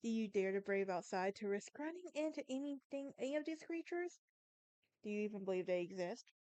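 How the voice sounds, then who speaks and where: A young Alabama woman with a Southern drawl tells a story on her casual solo podcast, chatty and prone to stumbling and self-correcting. Her mid-range voice is animated, a little fast, darkish and smooth, with no room sound.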